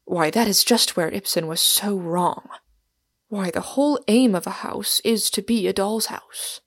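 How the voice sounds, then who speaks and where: A woman reading a big wistful englishman, soft and earnest, gravelly edge, dry close sound. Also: medium pitch, measured pace, no room sound. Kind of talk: audiobook character reading.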